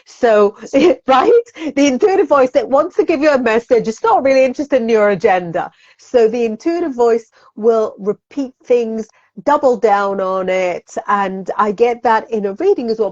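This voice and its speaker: A woman speaks as a guest in a conversational interview, her voice sitting fairly high. She talks animatedly, laughs often and acts out the inner voices she quotes. The recording sounds dull and lo-fi. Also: darkish tone. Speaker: psychic guest.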